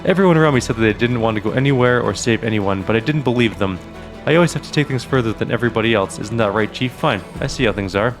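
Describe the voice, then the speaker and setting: A man's voice: mid-range voice, fast, faint music behind, lightly acted. A man voicing an idealistic young male mongrel from a fantasy game, reading his lines indignantly.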